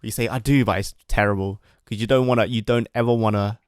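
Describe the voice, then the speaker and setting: A young man chats loosely on a podcast and keeps checking that he is being followed. His voice is on the low side. The sound is close and dry. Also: steady tone, fast, smooth, no echo. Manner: chatty, asks "do you know what I mean". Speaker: podcast co-host. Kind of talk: casual chat.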